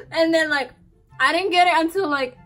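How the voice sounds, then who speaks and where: A young woman reacting to a music video in excited casual commentary, gushing and squealing with drawn-out exclamations. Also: very high voice.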